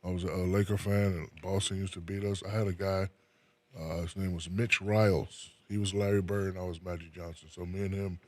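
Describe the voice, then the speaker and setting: A retired basketball player from New Jersey, a man who speaks casually as an interview guest, laid-back and soft-spoken, often trailing off with fillers. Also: low voice, level tone, a little fast, no echo.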